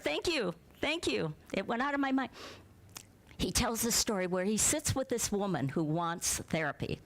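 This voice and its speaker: Woman minister, middle-aged, slow unhurried sermon, chatty, asks the room questions, sometimes goes almost to a whisper. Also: mid-range voice. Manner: conversational, asks the congregation questions; drops to a soft near-whisper at times.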